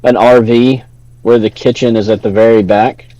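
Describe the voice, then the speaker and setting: Male podcast co-host, Louisiana accent, relaxed banter, dry studio sound. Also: medium pitch, normal speed, no echo, muffled recording. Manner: laid-back, swears freely, laughs often. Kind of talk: casual chat.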